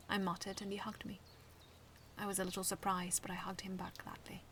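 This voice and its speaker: A woman reading her own first-person fan story aloud in a soft, hushed storytelling voice. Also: mid-range voice, little pitch movement, fairly quick, slight background noise.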